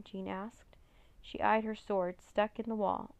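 A woman reading a children's chapter book aloud in an expressive storytelling manner. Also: medium pitch, moderate pace, gravelly, clear, resonant tone, no echo, lo-fi sound. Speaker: reader.

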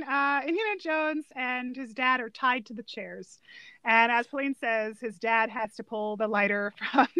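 Giggly woman co-host, high voice, casual chat, dry room. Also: sharp tone, no room sound. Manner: giggly, recounting scenes. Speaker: podcast co-host. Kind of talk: casual chat about films.

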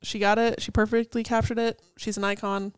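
A woman's voice: on the high side, flat delivery, brisk, clean tone, no echo. A young woman co-hosting a casual chat, picking apart song lyrics in a chatty way full of "like" and the odd swear. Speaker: co-host.

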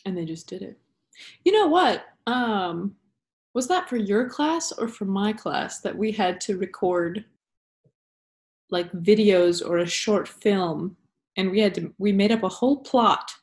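A woman's voice: mid-range voice, measured pace, a little mellow. A woman hosting a podcast in casual chat, rambling and laughing as she jumps between stories. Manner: rambling, laughing, self-interrupting. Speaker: podcast host.

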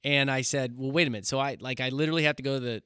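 A man who was once a pastor, telling a story in a casual chat with an animated, self-mocking manner and frequent laughter. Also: medium pitch, very fast, smooth, no room sound, clean studio sound. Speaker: podcast co-host, former pastor.

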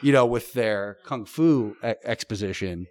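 A man's voice: on the low side, a little slow, a little mellow, dry recording. Profane, storytelling middle-aged man, dry sound. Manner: vivid, profane storytelling with colorful comparisons. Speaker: podcast guest. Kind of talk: casual chat.

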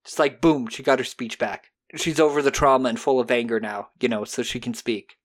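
A podcast host casually recapping an episode, animated and profane, dropping into quick character voices. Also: medium pitch.

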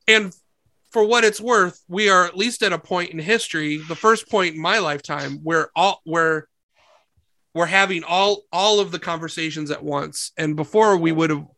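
Gravelly hoarse man with a cold. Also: fairly high pitch, moderate pace, bright, forceful tone, dry recording. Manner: rambling, restarts a lot. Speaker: podcast host. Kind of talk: casual conversation.

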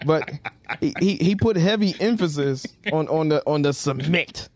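Casual podcast co-host, man, higher-pitched, repeats himself and stretches key words, dry close recording. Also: no echo. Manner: animated, repeats himself, drawn-out stresses. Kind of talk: casual chat.

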